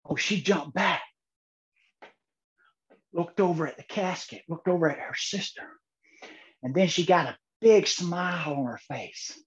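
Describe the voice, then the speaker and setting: A man giving a humorous keynote speech, telling a story deadpan with dramatic pauses. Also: fairly high pitch, highs cut off. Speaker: keynote speaker.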